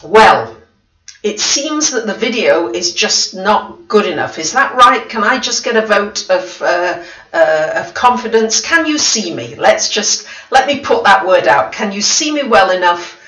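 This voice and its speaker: A woman hosting a casual astrology livestream, chatty and excitable, greeting viewers one by one. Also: mid-range voice, unhurried. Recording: very echoey room, voice far from the mic.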